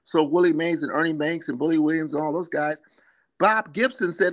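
Lively older man spinning baseball tales. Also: fairly high pitch, a little fast. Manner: rambling anecdotes, acts out quoted voices, laughs often. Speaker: former baseball player, guest. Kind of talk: animated storytelling in a live interview. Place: live video chat.

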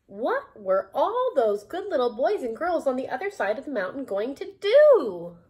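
A woman's voice: high voice, wildly swooping pitch, normal speed, darkish tone. A woman reading a children's storybook aloud, adding laughing asides to her listeners. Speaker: storybook reader.

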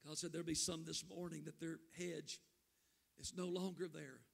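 Gravelly high-voiced shouting preacher man. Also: level tone, normal speed. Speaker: pastor. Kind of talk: Pentecostal sermon. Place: church.

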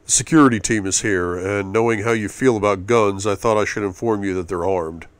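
A man's voice: lowish voice, fairly quick, smooth, dry recording, natural voice. A man reading a formal, deferential bodyguard.

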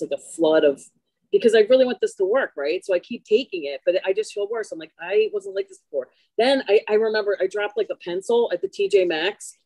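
A woman talking on a video call, chatty and self-deprecating as she tells her story with lots of animation. Her voice sits at an ordinary pitch. The sound is dry, with no room echo. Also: mellow. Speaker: workshop participant. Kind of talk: casual show-and-tell.

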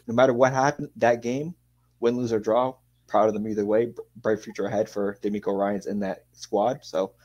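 A man's voice: fairly low pitch, a little mellow, rough recording. Easygoing young man co-hosting. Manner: easygoing, drops "hey" and "um" often. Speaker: podcast co-host. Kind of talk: casual sports chat.

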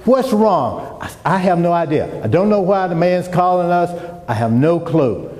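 A man's voice: high-pitched, normal speed. Man telling a story in a reverberant hall. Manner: animated storyteller, acts out dialogue. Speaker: speaker. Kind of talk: storytelling talk. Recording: echoey hall with long reverb.

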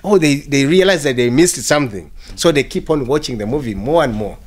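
A man, telling stories as a guest in an interview. He has a middle-range voice and talks haltingly with frequent "you know"s. His voice lifts when he gets animated. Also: medium pitch, a crowd in the background. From Uganda. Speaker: filmmaker guest. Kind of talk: reflective storytelling in an interview.

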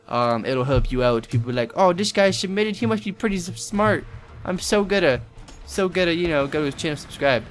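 A young man giving live gameplay commentary, excitable and rambling, swearing and yelping often. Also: mid-range voice, slight background noise.

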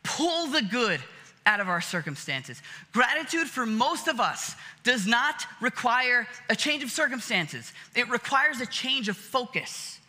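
A pastor, a man, delivers a conversational sermon, full of fillers and little acted-out scenes. His voice sits high and sounds strikingly bright. A long reverb trails behind him in the church auditorium. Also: big pitch swings, a little slow. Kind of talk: casual sermon.

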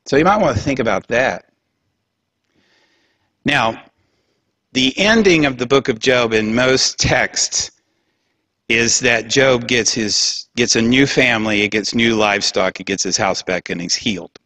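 A man's voice: mid-range voice, a little slow, sharp tone, dry recording. A man giving a public lecture in a conversational, humorous way, with laughing asides.

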